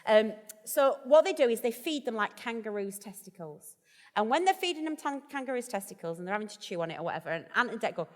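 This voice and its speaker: A woman's voice: fairly high pitch, expressive, a little fast, in a large hall. A woman vicar as the guest in a live stage conversation, chatty, jokey and self-deprecating. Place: festival event hall.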